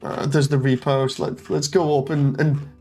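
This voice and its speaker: A man streaming casually, telling a story with animated energy and reading out chat messages in a mocking tone. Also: a little high, normal speed, soft background music. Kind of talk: casual stream chat, retelling an online exchange.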